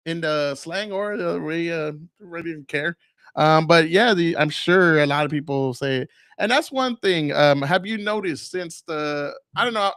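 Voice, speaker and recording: On his solo podcast, a man in his forties talks in a highish, fairly bright voice, loose and profane, full of fillers and rambling, with a cough that won't quit. Studio quality, no room sound.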